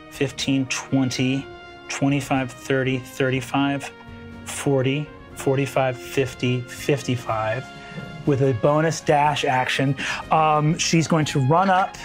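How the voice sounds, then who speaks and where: A man's voice: mid-range voice, fairly even intonation, slow, soft background music. A man running a tabletop game as game master, narrating with many ums and uhs. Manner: hesitant, full of ums and uhs.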